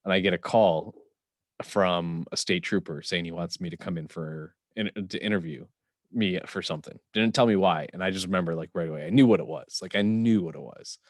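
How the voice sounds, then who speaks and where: A young man co-hosting a podcast, telling a story in a halting casual way with "um" and "like" fillers. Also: low voice, no echo, clean studio sound. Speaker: podcast co-host.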